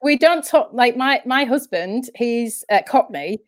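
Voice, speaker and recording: A woman's voice: a little high, expressive, measured pace, dry recording. A woman with a northern English accent, telling stories as an interview guest in a rambling, chatty way that keeps restarting sentences. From northern England. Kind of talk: casual interview chat.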